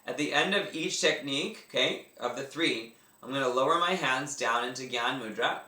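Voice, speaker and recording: Recorded from a distance in a room full of echo, a Canadian man gives instructional talk on yoga breathing. His mid-range voice moves at a moderate pace and sounds pushed and bright as he casually, eagerly describes every movement while doing it.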